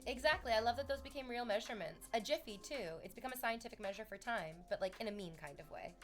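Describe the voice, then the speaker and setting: A woman's voice: a little high, lively intonation, fast, faint music behind. A woman streamer chatting casually and playfully with her viewers, swearing now and then. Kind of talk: casual livestream chat.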